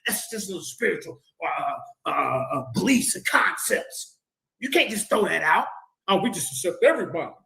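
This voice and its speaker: Fiery high-voiced man debating. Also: bright, forceful tone, echoey room, poor audio. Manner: fiery, preacher-like, repeats words when stuck. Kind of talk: heated debate rebuttal.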